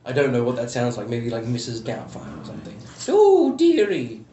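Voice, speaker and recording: A man's voice: medium pitch, lively intonation, fast, a little mellow, recorded from a distance, highs cut off. A man game master rambles through a scene with loose, joking asides. He sits back from the mic in an echoey room with a faint hum underneath. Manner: rambling, loose, with fillers and jokes. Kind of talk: casual tabletop game narration.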